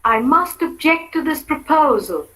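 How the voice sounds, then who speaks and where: A woman's voice: high-pitched, animated, a little slow, fairly bright tone, poor audio. A woman reading example sentences for a language-lab exercise, carefully enunciated.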